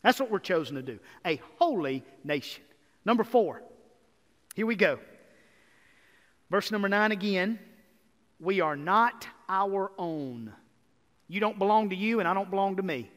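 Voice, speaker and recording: A man preaching a sermon as pastor, energetic and building to emphatic repeated lists. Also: high voice, unhurried, long pauses. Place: church sanctuary. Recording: reverberant hall.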